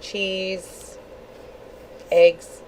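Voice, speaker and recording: A woman reacting to a replayed stream with slow, wry, sarcastic asides. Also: mid-range voice, flat delivery, a little mellow, slight background noise, rough recording. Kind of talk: casual commentary.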